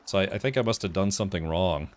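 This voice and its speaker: Guy streaming a game, kinda low voice, chatty and easily sidetracked. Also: fast. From United States. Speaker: streamer host. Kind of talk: let's play commentary.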